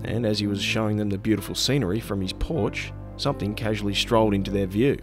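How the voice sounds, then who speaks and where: A podcast host reads his scripted narration in a measured, even way. His voice sits low and steady. Soft music plays faintly beneath him. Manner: measured, even storytelling delivery.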